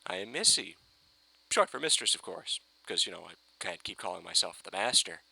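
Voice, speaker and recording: A man ranting giddily in a fan reaction video, swearing and breaking into excited shouts. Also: low-pitched, a little fast, gravelly, breathy edge. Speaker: fan reviewer.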